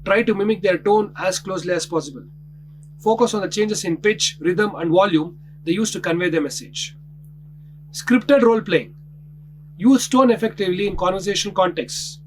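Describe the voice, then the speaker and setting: Male instructor, high voice, scripted and measured, reads heading then explanation. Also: a little hiss or hum, low-quality recording. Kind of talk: scripted lesson narration.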